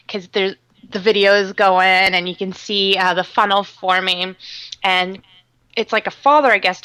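A woman from Canada, a podcast co-host calling in over the line, chatting casually and telling stories with lively acted-out voices. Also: mid-range voice, smooth, dry recording. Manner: animated storyteller acting out other people's voices. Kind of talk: casual chat. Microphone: phone line.

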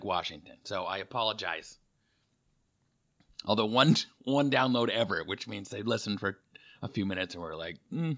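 A man's voice: on the low side, pushed and bright. A man hosting his comedy podcast in a rambling, jokey monologue full of fillers, recorded in a hotel room. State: slightly dehydrated. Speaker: podcast host. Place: hotel room with a heater running.

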